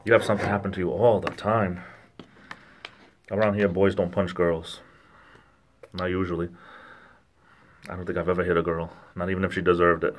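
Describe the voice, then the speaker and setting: A man with a Rhode Island accent, casually chatting and joking with viewers on a livestream in a rambling, halting way. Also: sits low, flat delivery, slight background noise. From lower New England, Rhode Island–Massachusetts border. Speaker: livestream host reading chat.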